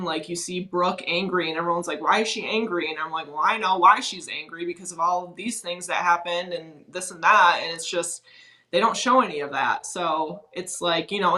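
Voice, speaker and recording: A woman's voice: on the low side, moderate pace, pushed and bright, poor audio. A woman talking as a guest on a podcast, a former reality-show contestant speaking frankly in a chatty, casual way, with a lot of "like".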